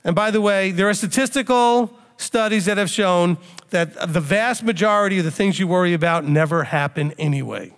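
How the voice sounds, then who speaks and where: A man's voice: sits high, moderate pace. A man preaching a sermon as a rabbi, teaching in a conversational way and now and then acting out a panicked outburst. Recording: reverberant hall.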